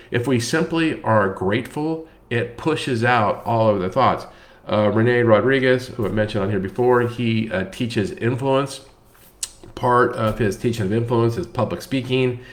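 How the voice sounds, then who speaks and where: A man hosting a casual book talk, speaking conversationally with frequent fillers and restarts. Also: mid-range voice. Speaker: host.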